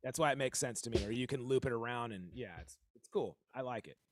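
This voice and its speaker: A man's voice: medium pitch, fast talker, dry recording. Man explaining drum beats in a dry room. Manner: rambling, counts beats aloud, self-correcting. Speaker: drum teacher and stream host. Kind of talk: casual explanation of drum rudiments.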